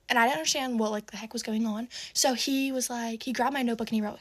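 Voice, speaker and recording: A woman's voice: on the high side, rapid-fire, fairly bright tone. A teenage girl telling a storytime monologue, rambling with lots of "like", swearing and exasperated asides. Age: teens.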